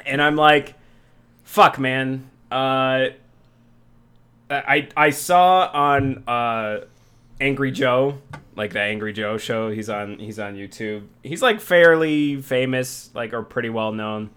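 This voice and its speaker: Bright, clear-voiced young man chatting. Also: mid-range voice, takes it slowly. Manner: rambling, profane storytelling with many restarts. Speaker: podcast host. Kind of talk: casual chat.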